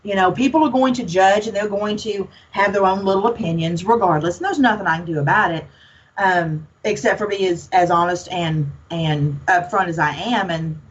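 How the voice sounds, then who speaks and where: This Southern-accented woman from Alabama is a paranormal investigator guesting on a podcast, speaking at a normal speed in a fairly low voice. She's folksy and outspoken in the casual conversation, and the audio is dull.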